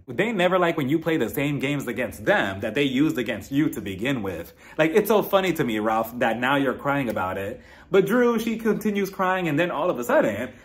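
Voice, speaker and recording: A man giving a casual recap review of a reality TV episode in an animated storytelling manner. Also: a little high. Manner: animated storytelling, acts out quotes. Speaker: TV show reviewer.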